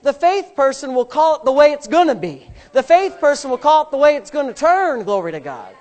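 A woman preaching a sermon with a fairly high voice. She talks emphatically, repeating her lines and building to forceful peaks. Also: big pitch swings, brisk.

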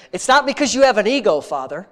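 A man's voice: high-pitched, very animated, moderate pace, fairly bright tone. A man leading a congregation in spontaneous, heartfelt prayer, talking in an intimate, conversational way and repeating phrases of praise. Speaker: prayer leader.

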